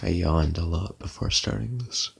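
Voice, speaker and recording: A worn-out man talks on his live stream in a flat, deadpan monotone. His voice sits very low and rough with gravel, and he sounds lazy and sleepy. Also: moderate pace, slight background noise. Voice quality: monotone delivery. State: tired and yawning. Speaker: livestreamer. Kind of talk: casual live-stream chat. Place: at home, lying back comfortably.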